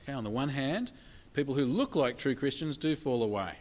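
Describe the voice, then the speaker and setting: A man preaching a sermon, emphatic, asking the congregation rhetorical questions and slowing down to stress key points. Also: medium pitch, expressive, darkish tone. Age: adult with children.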